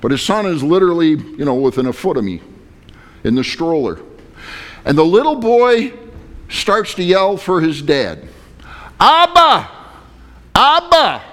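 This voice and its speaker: Pastor telling a story in a sermon. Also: male voice, on the high side, sing-song, normal speed. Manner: storytelling, conversational with dramatic swings.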